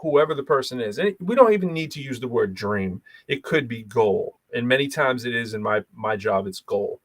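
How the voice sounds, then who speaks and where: A man from Boston with a light Boston accent, co-hosting a podcast in casual chat, telling rambling, animated stories full of restarts. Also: medium pitch, moderate pace, dry recording. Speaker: podcast co-host.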